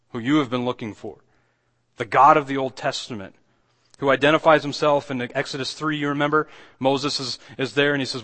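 A male pastor preaching in an easy, conversational manner. He often stops and restarts his sentences, then lifts his voice with emphasis when he drives a point home. His voice sits at a medium pitch for a man. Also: fairly even intonation, a little fast, a bit bright. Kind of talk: sermon.

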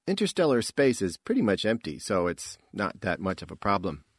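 A man reading an audiobook, voicing a confident young woman spacefarer in a brisk, lifted voice. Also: fairly low pitch, huge pitch swings, husky, no echo, clean studio sound, full character voice.

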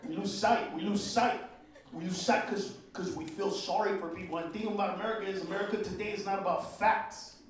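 A man from Honduras doing a brash, profane stand-up set, swinging between shouts and low mutters. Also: steady tone, fairly quick, recorded from a distance. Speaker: stand-up comedian. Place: comedy club stage. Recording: roomy live club recording with crowd noise.

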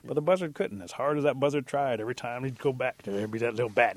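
A male storyteller tells an animal folk tale in a relaxed, chatty way, as if talking to a friend, keeping it lively and easy. His pitch is an ordinary middle register, and he talks fast with hardly any pauses.

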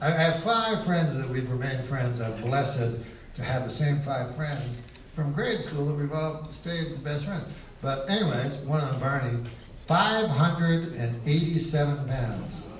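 A man's voice: on the high side, animated, a little slow, slight background noise. Rambling, foul-mouthed male stand-up comic. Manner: rambling, profane, digressive. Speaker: stand-up comedian. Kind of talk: stand-up comedy set. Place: comedy club stage. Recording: roomy, distant live club recording with crowd.

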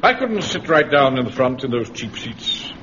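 An actor playing a pompous, stuffy middle-aged platoon captain in an old radio comedy. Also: male voice, mid-range voice, big pitch swings, moderate pace, close to an everyday voice. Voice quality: pompous, stiff. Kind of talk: vintage radio comedy acting. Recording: dull old radio recording with hiss.

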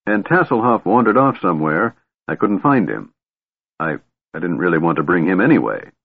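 A weary half-elf warrior, guarded and bitter, with clipped, tense answers, as a male narrator plays him. The voice is deep and animated, dry and thin like a phone line. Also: normal speed, vocal fry, full character voice.

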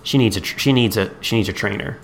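A man's voice: lowish voice, vocal fry. A man co-hosting a podcast, recapping a movie in casual chat and acting out characters' lines. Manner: acts out characters' lines in quick voices. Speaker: podcast co-host.

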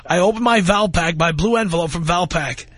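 A middle-aged man hosting a talk radio show, telling stories in an animated way and laughing often, close on a studio mic. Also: sits high, a little fast, husky, no echo. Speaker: radio host.

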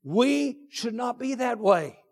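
A man with a very high voice preaches in a church, his words ringing out in a long hall reverb. He drags out his phrases and repeats them, then shouts his key points. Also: lively intonation, vocal fry. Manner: drawn-out deliberate phrasing with repetitions. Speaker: pastor. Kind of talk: sermon. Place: church sanctuary.

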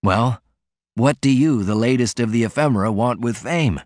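A man's voice: mid-range voice, moderate pace, darkish tone, no room sound, natural voice. Scornful sickly poet guy, fiery rants, dry close sound, man reading it. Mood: passionate. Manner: scornful, passionate declaiming. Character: ailing sardonic male poet, fiery and scornful.

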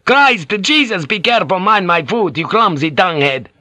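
A man's voice: mid-range voice, lively intonation, moderate pace, a bit bright, no echo, studio quality, voice pushed up, close to an everyday voice. A man doing a hot-tempered sea pilot. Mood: furious. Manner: barking orders and curses. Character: hot-tempered male ship's pilot, gruff and commanding.

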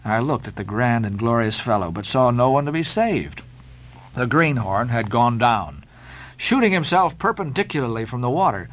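A man reading a classic novel aloud as an audiobook narrator, dramatic and expressive. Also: mid-range voice, moderate pace, poor audio.

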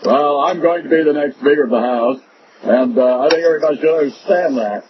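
A man's voice: fairly high pitch, close to an everyday voice. A man putting on the voice of a vain, boozy male politician who rambles and stumbles over his words, on a muffled radio recording. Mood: pompous, rambling. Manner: halting, rambling, full of uh. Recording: muffled radio broadcast with noise.

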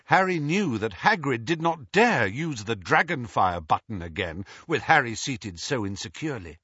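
A man narrating an audiobook in a dramatic, expressive reading. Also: fairly high pitch, slightly rough, dry recording, dull audio.

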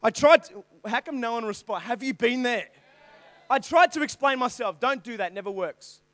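A man's voice: very high-pitched, moderate pace, bright, forceful tone, no echo. An Australian man telling a funny, self-mocking story in a youth sermon, talking animatedly and calling out to the crowd. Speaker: youth preacher.

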